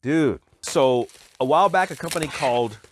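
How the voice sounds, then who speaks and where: A man chatting excitedly as he unboxes a package of collectible toys, exclaiming at each find. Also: mid-range voice, normal speed, background noise. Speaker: toy collector vlogger. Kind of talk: casual unboxing chat.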